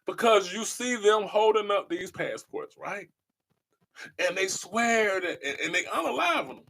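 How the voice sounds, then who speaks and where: A podcast host with a notably high, somewhat bright, gravelly voice delivers a passionate monologue. He speaks a little slowly in a sing-song way, preaching emphatically and returning to the same phrases again and again to press each point home.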